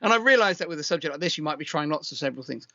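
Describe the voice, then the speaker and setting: A man from the UK co-hosting a casual chat, giving measured, critical photo reviews. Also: fairly high pitch, animated, sharp tone, no room sound. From United Kingdom. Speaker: co-host. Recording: dull lo-fi sound.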